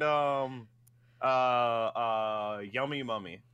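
A man's voice: mid-range voice, expressive, moderate pace, sharp tone, no room sound. An American man in casual chat, rambling and laughing easily as he talks.

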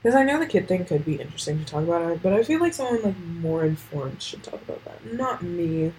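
A woman's voice: lowish voice, expressive, brisk, a little mellow, a little hiss or hum, low-quality recording. A teenage girl hosting a casual solo podcast, rambling with lots of fillers and swearing. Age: teens. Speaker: podcast host.

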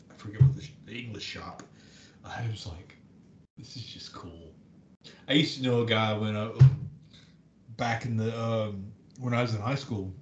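A man from the American South co-hosting a podcast in casual chat, rambling through his stories with lots of restarts and ums. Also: muffled recording. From Southern United States. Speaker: podcast co-host. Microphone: desk microphone. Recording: echoey room with faint rumble.

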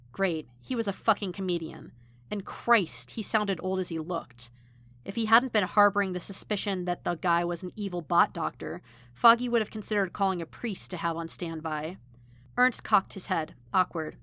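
A woman's voice: on the low side, normal speed, sharp tone. Woman reading a story aloud. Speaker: podfic reader. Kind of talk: audiobook narration of fan fiction.

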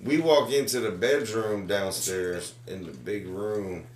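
A man with a mid-pitched voice banters on a casual podcast, profane and quick to laugh. He sits off-mic in an echoey room, with a faint hiss behind him. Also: recorded from a distance. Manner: joking, profane, laughs a lot. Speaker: podcast co-host. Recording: roomy echo, off-mic, faint noise.

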